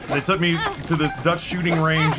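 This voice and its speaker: Over background music, an American streamer talks casually with viewers in a meandering way, repeatedly interrupting himself to restart. He speaks at a moderate pace in a slightly high voice with fairly even intonation.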